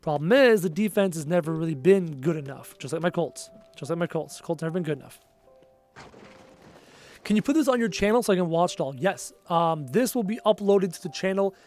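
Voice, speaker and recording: A tired man hosting a gaming livestream, casually rambling and reading viewer comments aloud, his phrases often trailing off quietly. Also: a little high, animated, brisk, faint music behind. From Canada. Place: home.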